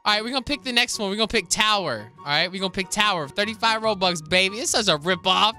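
A young man doing excitable, slangy gaming commentary with a fairly high voice that swings widely in pitch. His tone is bright and forward, and he breaks into laughter often. Faint music plays behind him. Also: fast. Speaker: YouTuber.

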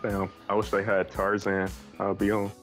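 A man's voice: fairly low pitch, monotone, normal speed, a bit bright, soft background music. A man in casual gaming voice chat, blunt, profane and teasing toward his friends. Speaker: gamer.

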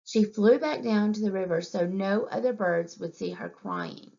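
A woman reading a picture book aloud to young children in an expressive way, asking questions and pointing at the pictures. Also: mid-range voice, normal speed, creaky. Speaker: preschool teacher. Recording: dull lo-fi recording.

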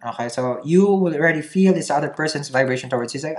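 A woman's voice: deep voice, expressive, quick pace, few pauses, a little mellow, a little hiss or hum. A woman reading tarot cards for her viewers in a chatty, playful way, often laughing between remarks. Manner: chatty, giggly, playful asides. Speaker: tarot reader. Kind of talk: casual tarot reading vlog.

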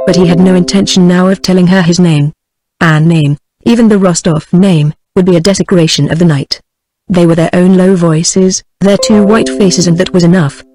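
A woman's voice: lowish voice, normal speed. Synthetic British woman reading a novel. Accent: British English. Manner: even, synthetic reading cadence. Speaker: audiobook narrator. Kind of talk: text-to-speech book reading.

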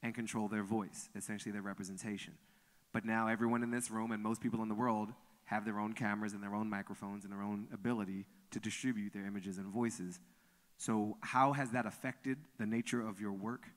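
A man with a somewhat low voice moderates a live conversation on stage. He speaks in a relaxed way and turns easily to the audience to invite their questions. The long reverb of a large hall surrounds his voice. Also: fairly quick. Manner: relaxed, brief affirmations, addresses the audience directly. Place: large museum auditorium before an audience.

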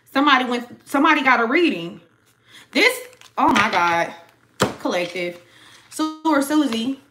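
A woman's voice: high-pitched, sharp tone, slight background noise, poor audio. A young woman giving a casual tarot reading to her viewers, chatty and slangy, talking straight to the audience. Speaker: tarot reader.

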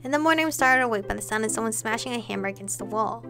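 A woman's voice: a little high, very fast, music in the background. A woman reading a visual novel aloud, voicing every character and adding her own asides and laughs. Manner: reads dialogue and narration with side comments and laughs. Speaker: game playthrough reader.

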